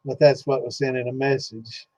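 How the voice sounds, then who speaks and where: A man's voice: medium pitch, level tone, moderate pace, mellow, no room sound. A man hosting a distilling Q&A chat, telling a rambling story full of cursing and fillers, with a slightly dull lo-fi sound. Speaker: host of a distilling Q&A livestream.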